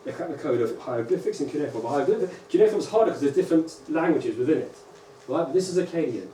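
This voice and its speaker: A man, a rabbi, giving a lively conference lecture to teachers and often checking in with "right?" and "okay?". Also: fairly high pitch, racing. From England. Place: large lecture hall. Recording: echoey hall, distant mic, faint hum.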